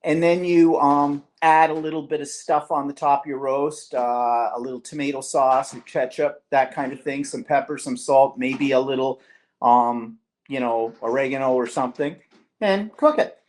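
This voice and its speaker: A man's voice: medium pitch, moderate pace. Chatty Canadian man hosting a live vlog. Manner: chatty, rambling, teasing. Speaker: vlog host. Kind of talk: live-stream chat.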